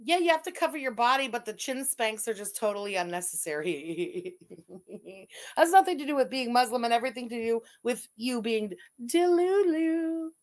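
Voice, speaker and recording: Woman, livestream host, profane, mocking, fairly high voice. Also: animated, a little fast. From Quebec. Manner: profane, mocking, reads chat aloud. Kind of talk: casual livestream commentary.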